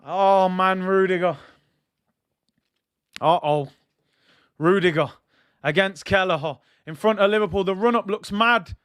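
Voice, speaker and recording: A young man hosting a football watch-along, commentating live on a penalty shootout and shouting out at each goal. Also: normal speed, smooth, no echo, clean studio sound. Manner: excitable, shouts and jumps in pitch at each goal, addresses viewers as "people".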